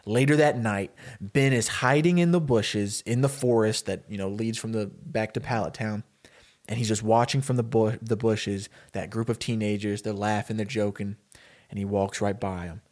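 A man co-hosting a podcast, telling a story in a loose, rambling, animated way with many fillers. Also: fairly low pitch, moderate pace. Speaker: podcast co-host. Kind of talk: casual storytelling pitch.

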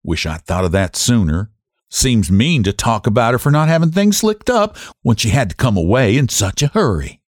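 A man's voice: medium pitch, very animated, normal speed, dry recording, clean studio sound, voice pushed up. A man voicing a blunt, testy, sturdy middle-aged farm woman in an audiobook.

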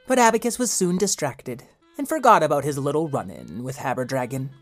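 A man narrating a children's story in a playful, animated way, with jokey asides. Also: medium pitch, fairly quick, soft background music.

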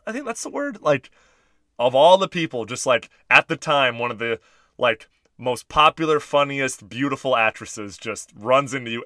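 A man's voice: mid-range voice, dry recording, studio quality. A man co-hosting a casual podcast, retelling scenes from a TV episode with frequent "like" and laughter. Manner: laughing, filler-heavy, animated retelling. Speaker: podcast co-host. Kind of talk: casual chat about a TV episode.

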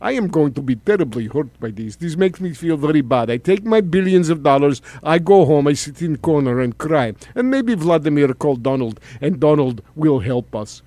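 A man's voice: fairly high pitch, expressive, mellow, dry recording, lightly acted. A man doing a stuffy fake-Russian oligarch. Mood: mock-sorrowful. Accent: mock Russian, broken English. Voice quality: stuffy, sounds like he has a cold. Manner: mock-sorrowful, grammar deliberately broken. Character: boastful male Russian oligarch, self-pitying. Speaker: comic impression in a talk show.

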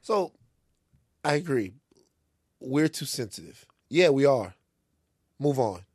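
A man from Louisiana, co-hosting a casual comic chat and telling lively stories. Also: mid-range voice, slow pace, slightly rough, no room sound, studio quality. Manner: animated storyteller, acts out other voices. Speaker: podcast co-host.

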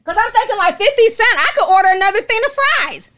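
On her live stream, a Minnesotan woman reads viewer messages and tells stories in a very high, quick-paced voice. Her chat is casual and exclamatory, and she keeps calling people "honey."

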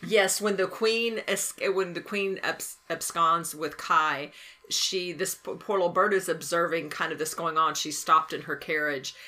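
A woman's voice: lowish voice, a little slow, sharp tone. A woman in casual conversation, chatty and agreeable as she retells scenes. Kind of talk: casual chat.

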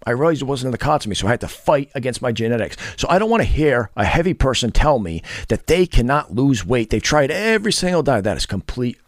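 A man rants to camera in a blunt, profane, scornful lecture, his pitch swinging widely as he mocks and scolds. The sound is close and dry, with no room around it. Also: big pitch swings, fast, few pauses, dry recording. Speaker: fitness and dating vlogger. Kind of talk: blunt ranting monologue.

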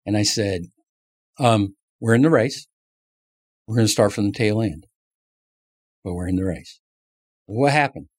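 A man's voice: sits low, slightly rough. A middle-aged man, a former racing team manager, telling stories in an interview and acting out the voices of people he quotes. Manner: acts out quotes with lively voice shifts. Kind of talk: animated storytelling interview.

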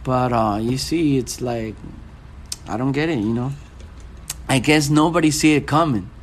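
A man's voice: mid-range voice, a little slow, a little hiss or hum. A young man in a casual chat, rambling and searching for words as he talks.

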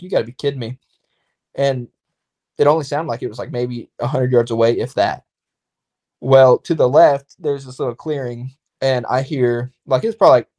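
A man of medium pitch chats casually on a podcast. He tells a long story in a rambling way and livens it up by acting out the exchanges he quotes. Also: darkish tone.

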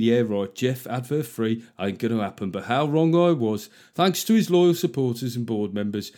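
A man voicing a male podcast fan in a put-on Black Country accent, reading slowly. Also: mid-range voice, dark tone, close to an everyday voice.

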